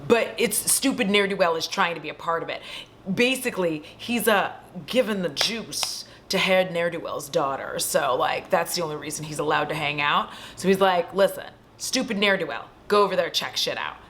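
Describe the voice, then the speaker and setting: A woman's voice: on the low side, normal speed, a little hiss or hum. A woman vlogger at home, retelling a horror movie in a casual, profane way with chatty asides to her viewers. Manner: animated, swears freely, chatty asides to viewers.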